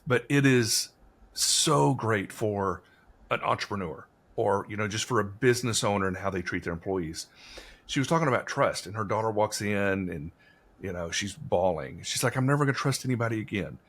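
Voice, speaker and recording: Man, casual podcast talker, husky voice, meandering storyteller. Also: on the low side, moderate pace, fairly bright tone. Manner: rambling storyteller, many fillers. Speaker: podcast conversation partner. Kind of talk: casual conversation.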